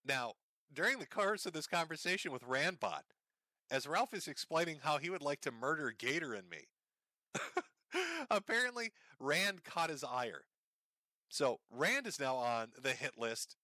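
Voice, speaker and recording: A man narrating a sarcastic commentary, his voice bright and swinging up and down as he mocks what he has just played. He laughs often and swears freely. The sound is close and dry. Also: medium pitch, big pitch swings, measured pace, dry recording. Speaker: commentary host. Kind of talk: mocking commentary over clips.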